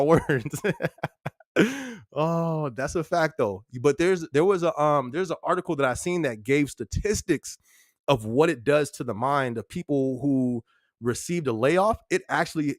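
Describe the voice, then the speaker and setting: Hosting a casual live-stream chat on his podcast, this young man keeps the talk slangy and relaxed, laughing often. The studio-quality recording of his mid-range voice is completely dry.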